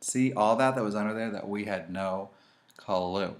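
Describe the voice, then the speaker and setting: A man with a lowish voice, speaking at normal speed, hosts a casual makeup tutorial. Chatty and animated, he talks straight to his viewers while he demonstrates.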